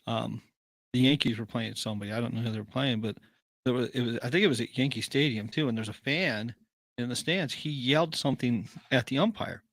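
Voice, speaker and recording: A man's voice: medium pitch, brisk, vocal fry, a bit bright, no room sound. A man co-hosting a podcast in casual chat, easygoing and agreeable, telling sports stories. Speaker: podcast co-host.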